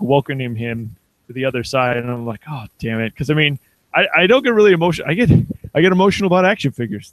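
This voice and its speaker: A man's voice: mid-range voice, a bit bright, no echo, poor audio. Rambling male podcast host, dry sound. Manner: rambling, laughing, self-deprecating. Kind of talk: casual chat.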